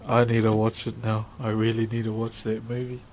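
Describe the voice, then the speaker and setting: A man's voice: on the low side, completely flat delivery, fairly quick, a little mellow, a little hiss or hum. A man with a New Zealand accent chatting casually on a livestream while woodcarving, laid-back and laughing often as he greets his chat.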